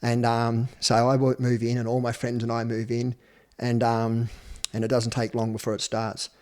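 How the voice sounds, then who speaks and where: Australian man, 50s, podcast guest; blunt, salty storyteller at a middle pitch. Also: monotone, normal speed, a little mellow. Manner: blunt, swears freely, acts out quoted speech. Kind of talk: personal storytelling interview.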